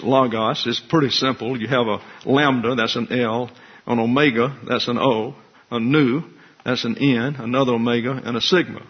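Husky-voiced man preaching, lo-fi. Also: medium pitch. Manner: wry, conversational teaching with asides. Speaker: pastor. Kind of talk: expository sermon. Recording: dull lo-fi recording.

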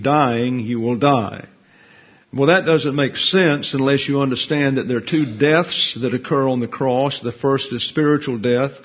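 A man teaching a verse-by-verse Bible study, working through Hebrew grammar with slow, careful explanation. His voice sits in an ordinary middle range. The recording is dull and lo-fi. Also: mid-range voice.

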